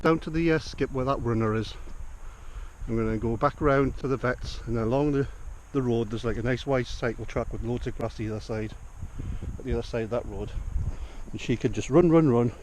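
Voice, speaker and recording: Mellow-voiced Northumbrian man rambling outdoors. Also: mid-range voice, fairly quick, slight background noise. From North East England. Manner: chatty, thinks aloud, talks to his dog as he goes. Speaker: vlogger. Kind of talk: casual rambling chat. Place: outdoors on a rural walk.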